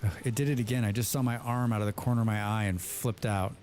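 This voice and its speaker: A man's voice: fairly low pitch, fairly even intonation, fast talker, a little mellow, faint music behind. A man hosting a casual let's play, chatting with friends in a rambling, playful way and often repeating his words. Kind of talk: casual gameplay commentary with friends.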